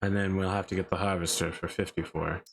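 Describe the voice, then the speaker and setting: A man playing a farming game roleplay, talking in a dry, deadpan way and pushing for a deeper tone. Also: quick pace, slightly rough. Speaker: roleplay player. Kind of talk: casual gaming chat. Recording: steady background noise.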